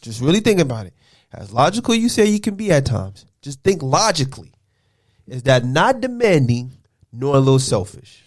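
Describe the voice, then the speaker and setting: A man hosting a casual podcast, his voice lively and full of swings in pitch. He teases and presses his co-host with pointed questions in an animated, joking way. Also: moderate pace. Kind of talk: casual chat.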